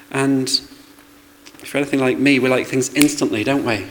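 A man's voice: mid-range voice, steady tone, fairly quick, rough recording. Conversational male preacher, sermon. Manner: conversational, rhetorical asides and questions.

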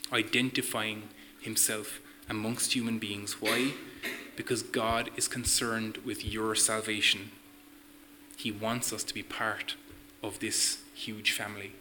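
Bright-voiced man preaching a sermon. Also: mid-range voice, a little hiss or hum, poor audio. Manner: earnest, questions to the listeners.

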